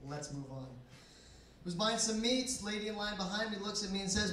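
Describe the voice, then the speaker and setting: A young man delivers a stand-up set in a dry, deadpan, sarcastic way, his voice sitting fairly high. He is heard from across an echoey bar basement. Faint room noise sits underneath. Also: moderate pace. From Canada. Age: 20s. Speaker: stand-up comedian. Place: bar basement comedy night. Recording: echoey room, mic from far off.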